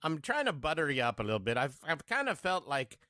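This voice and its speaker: Hesitant bright-voiced man at a game table. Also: on the high side, huge pitch swings, brisk, no room sound, studio quality. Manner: hesitant, filler-heavy. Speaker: player. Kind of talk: in-character tabletop banter.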